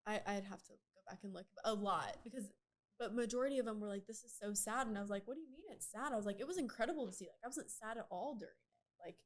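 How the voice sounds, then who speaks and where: A woman guest on a podcast, chatting casually and telling stories in a lively way with lots of fillers. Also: mid-range voice, fast talker. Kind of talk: casual chat.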